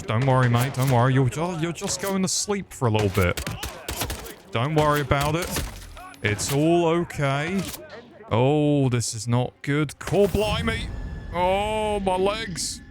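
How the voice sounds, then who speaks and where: A man with a voice on the high side gives crude, rambling let's-play commentary packed with joking banter. A little hiss or hum runs under the recording.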